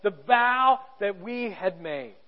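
A man voicing a stern monk who quietly accuses his companion. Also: high-pitched, animated, slow, lo-fi sound. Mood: accusing. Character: stern, resentful older monk.

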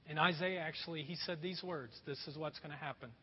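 A man preaches a sermon to his church, his voice high and a little husky. He slips into playful put-on voices to make his points. The sound is muffled and rings with the long echo of a large hall. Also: a little fast. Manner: animated, acts out voices for laughs. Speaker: pastor. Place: church sanctuary. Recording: echoey hall, dull sound.

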